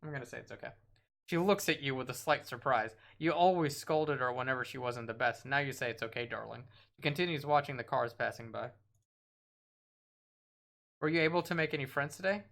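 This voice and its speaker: A man's voice: mid-range voice, brisk, vocal fry, a bit bright. A man streaming a horror game, reading its text aloud and dropping wry asides, sometimes tripping over his words.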